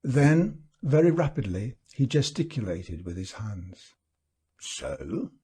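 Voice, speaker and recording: A man reads a classic tale aloud at an unhurried pace, leaning into a lively, rising and falling delivery. His voice is mellow and slightly husky. He lets each phrase settle before moving on. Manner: measured storytelling with lively pitch. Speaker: audiobook reader. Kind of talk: slow, expressive reading of a classic short story.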